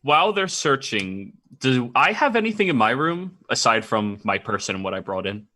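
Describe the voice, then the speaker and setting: A man's voice: medium pitch, very animated, normal speed, sharp tone. A man playing in a tabletop game, chatting casually and plainly. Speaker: player.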